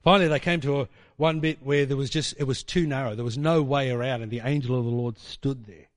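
A man's voice: mid-range voice, fairly even intonation, fairly quick, no room sound. A man preaching a sermon in a casual storytelling way, with fillers and tag questions.

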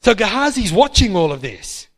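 A man preaching a sermon, retelling Bible stories with lively acted-out quotes. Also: sits high, moderate pace. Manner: lively storytelling, acts out biblical characters in quotes. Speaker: pastor.

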